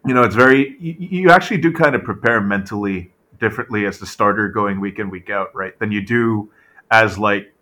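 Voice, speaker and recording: A man talking through a casual sports podcast, his voice a touch low and forceful with a bright edge. He keeps checking in with "right?" and leans on fillers as he builds a point. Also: brisk. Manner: animated, full of "right?" tag questions and fillers. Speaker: podcast co-host.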